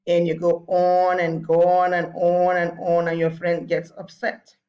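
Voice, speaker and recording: A woman's voice: lowish voice, completely flat delivery, measured pace, a little mellow, dull audio. A woman teacher giving a recorded lesson to children, patiently repeating her points.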